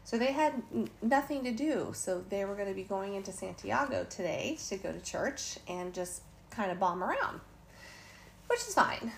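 A woman's voice: mid-range voice, animated, normal speed, creaky. A woman telling a travel story in casual, chatty talk, laughing now and then and quoting others in passing. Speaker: vlogger. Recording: faint background noise.

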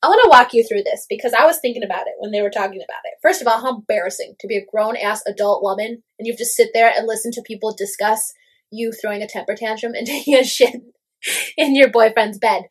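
A young woman with a fairly high voice, gossiping in a casual chat. She talks in an animated way, leans on "like" constantly and swears without a second thought. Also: quick pace, breathy edge. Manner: animated, fillers of "like", swears freely.

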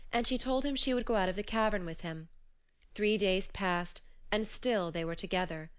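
A woman narrating an old myth collection as an audiobook, in measured, even storytelling. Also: medium pitch, clean tone.

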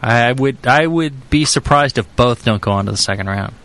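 A man's voice: mid-range voice, brisk, a bit bright. A man co-hosting a casual podcast, talking hesitantly with many restarts. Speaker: podcast co-host.

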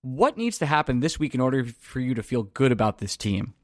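A man's voice: medium pitch, sing-song, fairly quick, no room sound, studio quality. A man with a Long Island accent co-hosting a sports podcast, reading listener questions and laughing at himself. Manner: laughing, self-deprecating, reads listener questions. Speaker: podcast co-host. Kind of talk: casual sports chat.

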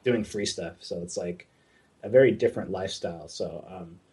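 A man's voice: low voice, moderate pace, breathy edge. A young man chatting casually, telling a story about working abroad, acting out the dialogue and swearing freely. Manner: animated, swearing, acts out quoted dialogue. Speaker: artist recalling working abroad.

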